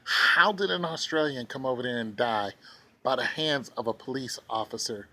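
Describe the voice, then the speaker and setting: A man's voice: medium pitch, normal speed, bright, forceful tone. A man giving ranting commentary as a vlogger, sarcastic and indignant, repeating his points for emphasis.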